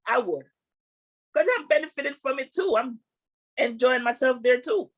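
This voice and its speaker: A Jamaican woman chatting casually as a guest, her voice sitting a little high. She talks in an animated, joking way and laughs easily. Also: normal speed. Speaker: guest actress. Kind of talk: casual chat.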